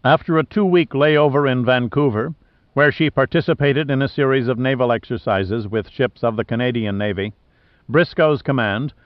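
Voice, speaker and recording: Male narrator for a sea thriller, mid pitch, dull and dry recording. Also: no room sound. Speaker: audiobook narrator. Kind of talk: scripted narration. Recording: dull dry studio audio.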